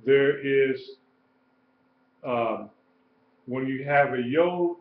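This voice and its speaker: Guy teaching letters real slow, repeats stuff, echoey dull stream audio. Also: medium pitch. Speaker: Hebrew teacher. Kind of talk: live-streamed lesson. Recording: roomy, dull live-stream audio with faint noise.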